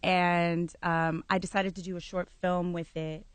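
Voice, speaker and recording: A woman's voice: fairly low pitch, flat delivery, unhurried, clean tone, dry recording. A woman guest in a casual studio interview, candid and reflective, who laughs easily. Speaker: guest, singer and actress.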